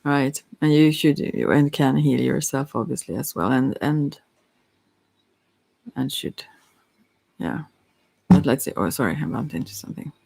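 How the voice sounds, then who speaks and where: A softspoken ASMR psychic with Swedish as a first language, giving a halting, hesitant chakra reading while teary-eyed. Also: mid-range voice, gravelly. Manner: halting, hesitant, with many fillers. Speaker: psychic card reader.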